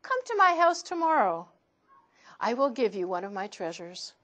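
A woman's voice: on the high side, big pitch swings, moderate pace, fairly bright tone. A woman reading aloud and voicing an anxious rich man in a children's storybook, pleading in a raised voice. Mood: grateful.

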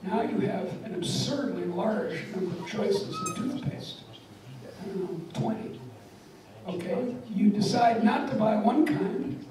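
A woman's voice: mid-range voice, wildly swooping pitch, unhurried, crowd noise. An older woman giving a public lecture, wry and emphatic, telling stories and jokes. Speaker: guest lecturer. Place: lecture hall. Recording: echoey lecture hall from far off.

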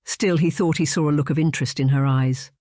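A man narrating a novel in a measured, even reading. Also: on the high side, no room sound, studio quality. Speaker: audiobook narrator. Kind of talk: scripted narration.

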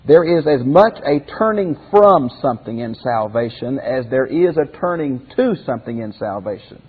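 A pastor teaches a Bible class to a group in a classroom or church hall, speaking conversationally, asking questions, and restarting phrases as he goes. His voice is medium-pitched, animated, husky, and at a normal speed, on phone-like lo-fi audio in a reverberant hall.

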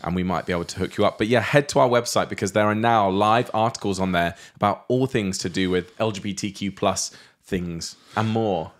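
A man co-hosting a podcast from his living room, chatty and animated, quick to laugh. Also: lowish voice. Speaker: podcast co-host. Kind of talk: casual chat.

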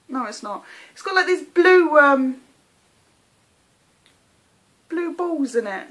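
A woman's voice: high-pitched, expressive, slow pace, long pauses, fairly bright tone. An English woman vlogging an unboxing, gushing with thanks in casual chat. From England.

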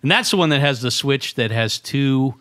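A man's voice: mid-range voice, expressive, moderate pace, a bit bright. A man co-hosting a casual guitar podcast, making teasing, dry asides. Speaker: podcast co-host.

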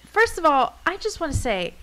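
A young woman co-hosting a casual podcast, talking in an animated way and swearing now and then. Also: moderate pace, rough recording. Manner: animated, swearing, jumps pitch when excited. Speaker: podcast co-host.

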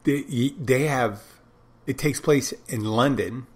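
Slow and husky, a medium-pitched male voice carries a casual solo podcast. The host thinks aloud in a loose, wandering manner, drifting off on digressions.

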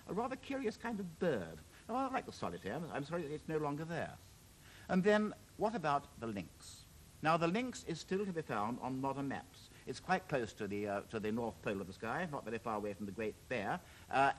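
A man's voice: medium pitch, slight background noise, poor audio. A man in his sixties presenting an educational television programme, enthusiastic and chatty, with wry humorous asides.

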